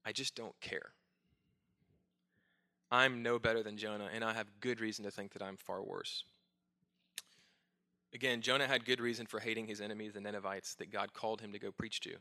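A man's voice: on the low side, little pitch movement, brisk, long pauses, pushed and bright. A middle-aged male pastor preaching a sermon, earnest and self-searching with touches of light humor.

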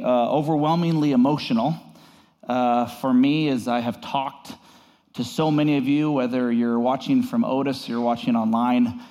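A man pastoring a congregation, giving an earnest devotional message, halting with fillers and rising higher on key words. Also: darkish tone, big-room sound.

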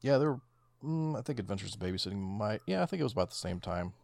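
A man's voice: on the low side, animated, fast talker, creaky, darkish tone, no room sound. A man co-hosting a casual movie commentary, talking in a laid-back, profane way and often trailing off mid-thought. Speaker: podcast co-host.

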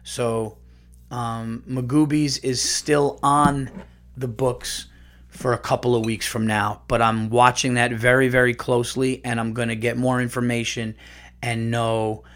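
A man's voice: mid-range voice, flat delivery, measured pace, fairly bright tone. Profane ranting male podcast host. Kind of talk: casual comedic monologue.

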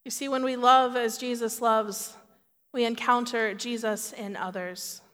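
A woman preaching a sermon in a measured, earnest way. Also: a little high, steady tone, a bit bright, big-room sound.

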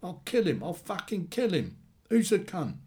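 A man's voice: medium pitch, big pitch swings, moderate pace, darkish tone, pitched above the performer's own voice, lightly acted. A man voicing an angry young man in his twenties who swears bluntly and bitterly about his father.

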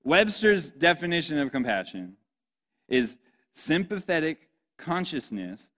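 A young male pastor gives a sermon in a relaxed, joking style. He keeps asking the congregation questions and plays out little scenes in a chatty voice. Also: a little high, unhurried. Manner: playful, joking, asks the audience questions.

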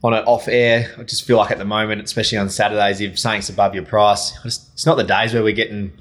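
A man on a racing podcast panel, talking brisk and matter-of-fact about betting value. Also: fairly low pitch, level tone, a bit bright. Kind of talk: casual tipping chat.

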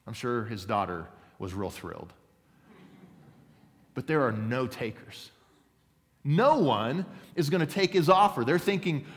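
Speaking a little slowly with long pauses, this male pastor sounds animated in a mid-range voice. His sermon weaves in stories and acted-out quotes, he calls on the congregation for an amen, and the hall adds a long reverb.

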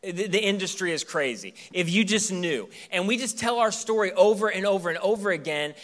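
A pastor in his thirties preaches in a church, telling stories in a loose, joking way. His voice sits high for a man and rings bright and forceful. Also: animated, a little fast. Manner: casual, joking storytelling. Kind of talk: sermon.

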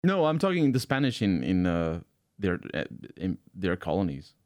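A man's voice: low voice, big pitch swings, moderate pace, darkish tone, dry recording, studio quality. A man from outside the United States in casual podcast chat, rambling and searching for words, often laughing.

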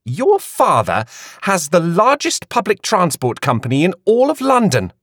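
A man's voice: high-pitched, huge pitch swings, unhurried, a bit bright, no room sound, clean studio sound, pitched above the performer's own voice, exaggerated voice. A man voicing a bossy young society lady. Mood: puzzled. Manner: insistent, commanding.

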